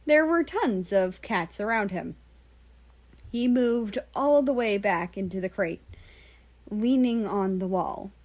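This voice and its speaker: A woman reading a fan-fiction story aloud as narrator, in a steady storytelling delivery. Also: mid-range voice, slow. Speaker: fan-fiction audiobook reader. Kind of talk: scripted narration.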